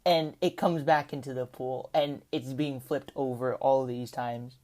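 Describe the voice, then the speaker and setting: A woman's voice: very deep voice, fairly even intonation, unhurried, mellow. A woman telling a rambling, casual story over gameplay as a commentator, with lots of "like" and "right?". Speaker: gaming commentator.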